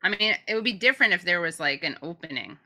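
A woman's voice: on the low side, lively intonation, quick pace, sharp tone. A woman co-hosting a casual commentary chat, blunt and profane, with a sarcastic edge. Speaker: co-host.

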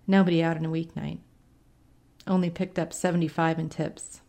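A woman reading a short story aloud, voicing a smooth-talking male caller who speaks low, soft and confident. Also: little pitch movement, moderate pace. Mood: low, coaxing.

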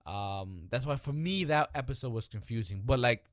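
Casual podcast co-host, male, animated and swearing freely, dry close-mic sound. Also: medium pitch, no echo. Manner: animated, profane, restless, quick to interrupt. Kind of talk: casual chat.

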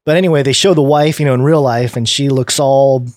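A man's voice: mid-range voice, fairly even intonation, a little fast, darkish tone, no room sound. Man, American accent, podcast host, rambling casual talk, dry close sound. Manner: rambling, lots of fillers and restarts. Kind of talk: casual podcast chat and reading news aloud.

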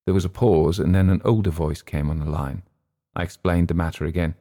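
A man reading a first-person thriller audiobook in a measured, understated manner. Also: low voice, fairly even intonation, dark tone. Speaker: audiobook narrator.

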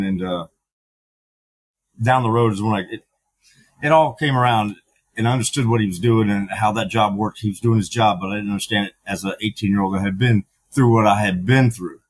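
Husky middle-aged man, frank and halting. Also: lowish voice, low-quality recording. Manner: frank and profane, halting with many fillers. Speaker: podcast guest, veteran. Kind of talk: candid conversational storytelling.

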